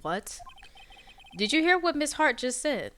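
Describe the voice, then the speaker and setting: A woman's voice: sits high, big pitch swings, unhurried, fairly bright tone, slight background noise, voice pushed up, exaggerated voice. A woman voicing a determined young male defense lawyer, reading his lines in an insistent, pointed way.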